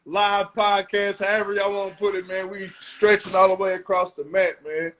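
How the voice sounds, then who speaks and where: High-voiced man hosting a live chat. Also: little pitch movement, moderate pace. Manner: loose, slangy, shouting out viewers. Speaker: podcast host. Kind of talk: casual live-stream chat.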